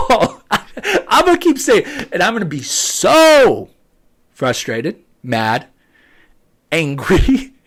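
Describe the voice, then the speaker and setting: A young man hosts his own sports fan channel and talks through a pre-game prediction in a casual monologue. His pitch swings widely up and down as he pushes his points. He repeats himself with emphasis and at times nearly pleads. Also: a bit bright.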